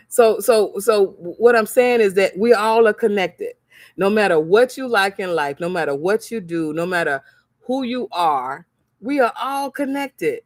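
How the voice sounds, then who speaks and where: On her motivational livestream, this crafts seller and vlogger tells her viewers stories with lively intonation, voicing the people in them and repeating phrases for emphasis as a preacher would. Her mid-range voice is a little mellow and unhurried. The sound is clean studio quality with no echo.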